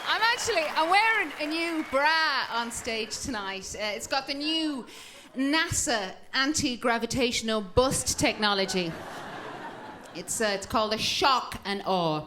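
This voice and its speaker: A woman's voice: fairly high pitch, animated, a little slow, a crowd in the background, noisy background. A woman in her thirties doing a bawdy, self-mocking stand-up routine on a club stage. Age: 30s. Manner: bawdy, self-mocking, laughs through lines. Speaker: stand-up comedian.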